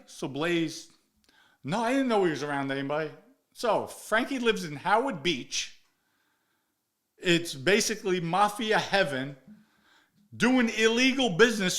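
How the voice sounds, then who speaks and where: An animated man tells a story, his voice sitting a little high for a man. He acts out each side of the conversation and swears freely. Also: measured pace. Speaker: storyteller guest. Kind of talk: casual storytelling.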